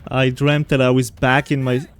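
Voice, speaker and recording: A man's voice: mid-range voice, flat delivery, normal speed. A man streaming a video game, chatting casually and rambling while he plays. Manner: rambling, chatty, often laughing. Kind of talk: casual gameplay chat.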